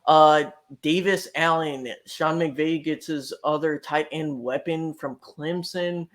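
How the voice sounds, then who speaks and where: A man's voice: a little high, steady tone, slow, fairly bright tone. A man hosting a casual podcast, chatting easily and putting questions to his guest. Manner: easygoing, asks guests questions. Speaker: podcast host.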